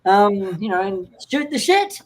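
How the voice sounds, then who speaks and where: A man hosts a casual online chat show at an unhurried pace. He rambles, jokes and trips over his own sentences, then corrects himself. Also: high-pitched, sing-song, slight background noise. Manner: rambling, jokey, self-correcting. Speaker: host.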